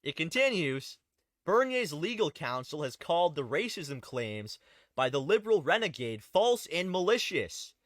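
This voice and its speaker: A man's voice: a little high, very animated, unhurried, a bit bright, dry recording. A man hosting an online political commentary show, reading articles aloud with sarcastic, rambling asides. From Canada. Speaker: host.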